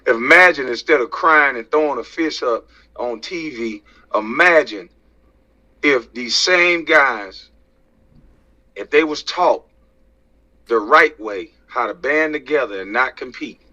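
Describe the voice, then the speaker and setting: A man's voice: mid-range voice, animated, unhurried, pauses often, pushed and bright. Man in a tense, profane rant. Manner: profane, preachy, fires rhetorical questions. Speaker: social media commentator. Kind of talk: heated rant to camera. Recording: dull lo-fi sound.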